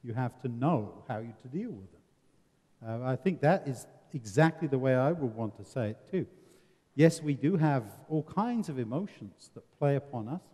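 In a reverberant hall, an English seminar presenter with an English accent guides the discussion earnestly, posing rhetorical questions and adding wry humour. His voice sits mid-range with a dark tone and a breathy edge, and he speaks at normal speed with lively intonation.

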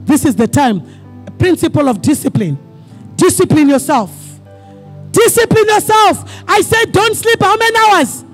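A pastor preaching a sermon to his congregation, asking them questions for call-and-response and often breaking into fervent shouting. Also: extremely high pitch, sing-song, normal speed, soft background music. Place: church service.

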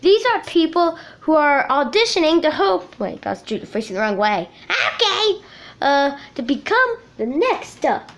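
Upbeat high-voiced woman hosting. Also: big pitch swings, normal speed. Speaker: show host. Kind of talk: plush puppet comedy.

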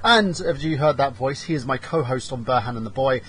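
A man hosting a podcast in casual banter, joking and giving loud, theatrical introductions. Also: medium pitch, fairly quick, slight background noise. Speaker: podcast host.

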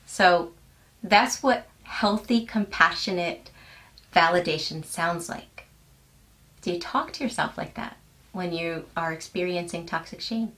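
A young adult woman coach talks straight to her viewers in a gentle, earnest manner. Her voice sits a little low, and she lets key words land softly and slowly. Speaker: life coach. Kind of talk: scripted self-help lesson to camera.

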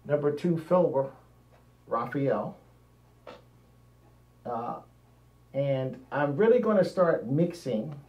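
Heard through a far-off mic in a roomy, dull, lo-fi recording, a man with a dark, mid-range voice narrates a painting demonstration. He reasons aloud as he works and often leaves sentences hanging.

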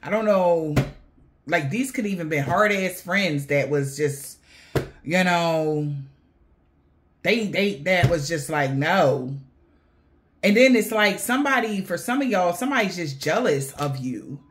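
A woman talks straight to her viewers through a tarot reading, loose and slangy, with plenty of swearing and laughter. Her voice sits a little low for a woman. She sounds animated and unfiltered throughout. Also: unhurried, noisy background. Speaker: tarot reader.

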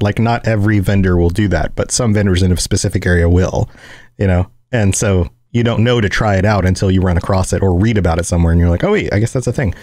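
Low-voiced man chatting on a podcast. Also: dry recording, studio quality. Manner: relaxed, thinking aloud. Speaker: podcast co-host. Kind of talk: casual chat about game lore.

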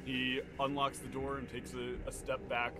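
A man's voice: medium pitch, monotone, normal speed, noisy background. A man running a tabletop game on a live stream, narrating in a rambling way with many fillers. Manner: rambling, full of fillers, laughs often. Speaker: game master. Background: music.

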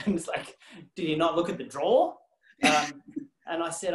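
Australian ex-athlete guest, lively anecdotes, restarts, roomy echo on a video call. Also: male voice, fairly high pitch, moderate pace. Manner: animated anecdotes with many restarts and laughs. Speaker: former tennis player, guest. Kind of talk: casual storytelling on a video call.

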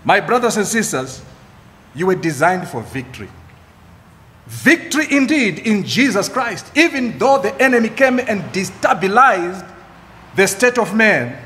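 A man preaching a sermon as pastor, emphatic, repeating key phrases with dramatic pauses. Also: high voice, bright, forceful tone. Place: church. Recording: echoey church hall.

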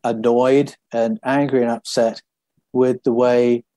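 A man in a podcast interview shares personal experiences in a calm, reflective way. His voice is relaxed and mellow, at an ordinary pitch. The sound is dry and close with no room to it. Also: slow pace, dry recording. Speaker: author guest.

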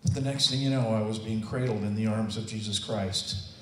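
Older man, earnest testimony, lowish voice, heard from a distance in a roomy space. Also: steady tone, brisk, fairly bright tone, slight background noise. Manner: earnest, emotional, quotes himself and others in acted voices. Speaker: testimony speaker. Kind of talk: personal testimony storytelling.

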